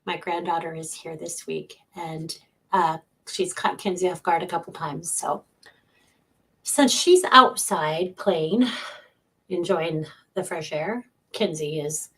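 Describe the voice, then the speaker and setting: A woman's voice: fairly low pitch, slow pace, fairly bright tone, slightly rough. A middle-aged woman hosting a casual livestream as a psychic medium, chatting from home, greeting viewers by name and laughing often.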